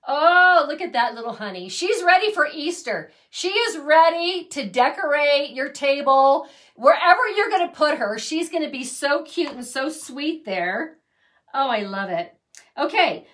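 A woman's voice: high-pitched, lively intonation, measured pace, a bit bright. A middle-aged woman hosting a casual craft tutorial, chatty and gushing over her handmade pieces. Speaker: craft channel host.

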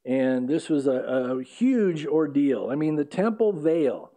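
A male pastor preaching an earnest expository sermon, pausing on fillers and correcting himself as he goes. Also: fairly high pitch, very animated, mellow. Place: church sanctuary.

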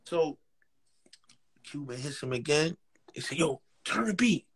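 Animated New York man telling stories. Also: on the high side, measured pace, slightly rough. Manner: animated street slang, acts out quotes, frequent laughs. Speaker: rapper, interview guest. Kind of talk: casual storytelling interview.

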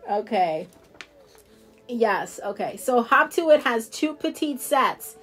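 A woman's voice: a little high, lively intonation, slow, fairly bright tone, slightly rough, faint music behind. A woman with a New Jersey accent chatting casually to viewers as she shows off nail products, rambling and laughing easily. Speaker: independent nail product seller. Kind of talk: casual live product showcase.

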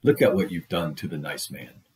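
A man's voice: low voice, animated, moderate pace, darkish tone. A man voicing an anxious mother who sharply scolds her sick daughter in a read-aloud story. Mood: scolding.

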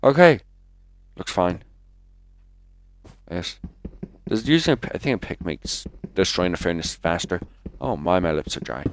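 A man with a somewhat low voice talks through a video game live in an offhand, rambling way. He chats to his viewers between moves and lets out quick, jumpy exclamations when something startles him. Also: big pitch swings, slight background noise. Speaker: gaming commentator. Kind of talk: live let's-play commentary.

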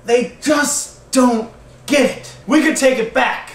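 A man's voice: very high voice, takes it slowly. A man in a home comedy video, ranting angrily about politics. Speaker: family member in a home video. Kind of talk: comic rant imitating a relative. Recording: echoey room, from a distance.

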